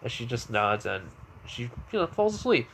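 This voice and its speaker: A man's voice: mid-range voice, sing-song, moderate pace, fairly bright tone, slight background noise. Man rambling through an improvised fan story. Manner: rambling, full of fillers and restarts.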